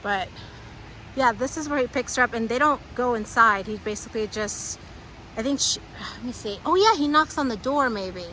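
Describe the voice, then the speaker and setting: A woman vlogging outdoors on a phone camera, chatty and excited, often laughing. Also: a little high, normal speed, a little hiss or hum. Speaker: travel vlogger. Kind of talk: casual vlog narration. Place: outdoors at a house and its grounds.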